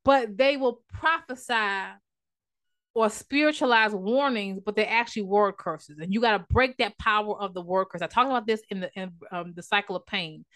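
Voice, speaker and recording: A woman's voice: medium pitch, normal speed, fairly bright tone. A woman relationship coach speaks straight to her viewers in a casual vlog. She is emphatic and repeats her points often. Her talk slides into preaching, with church phrases and prayer. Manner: uses church language and prayer.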